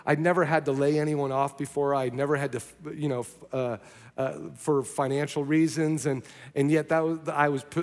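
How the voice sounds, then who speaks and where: A young adult male pastor preaching a sermon, telling a personal story in an earnest, animated way. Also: on the high side. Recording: long reverb of a large hall.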